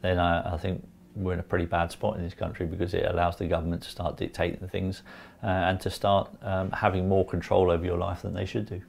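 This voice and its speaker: Fifties male ex-pundit, deep rough voice, calm and unhurried in conversation. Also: slight background noise. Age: 50s. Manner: calm, unhurried, lots of ums. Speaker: guest, former football pundit. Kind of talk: casual interview.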